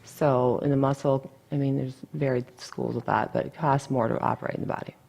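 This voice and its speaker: Creaky-voiced woman dietitian, chatty. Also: extremely low pitch, fairly even intonation, fairly quick, darkish tone. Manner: blunt, chatty, full of asides. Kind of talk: casual interview.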